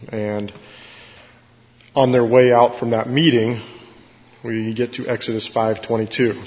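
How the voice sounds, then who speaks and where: A man's voice: medium pitch, level tone, unhurried. A man teaching a Bible study in a casual, explanatory way, with many fillers and self-corrections. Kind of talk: conversational Bible study sermon. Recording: echoey hall, dull lo-fi sound.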